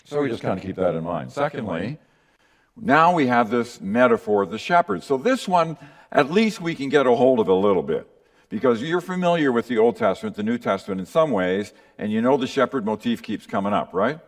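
A man's voice: mid-range voice, sing-song, a little fast, gravelly. A man preaching a conversational teaching sermon to his congregation, often checking in with the listeners with little tag questions. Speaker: pastor.

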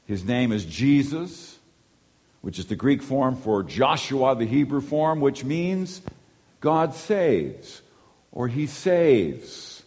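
Man, preacher, sermon, shifts soft to loud, long hall reverb. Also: very animated, slow pace. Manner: swings from soft and low to loud and emphatic.

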